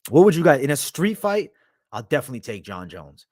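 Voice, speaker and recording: A man's voice: medium pitch, very animated, a little fast, a little mellow, no echo, clean studio sound. Foul-mouthed young man chatting live. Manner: crude, profanity-heavy slang, rambling. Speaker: livestream host. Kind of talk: casual livestream chat.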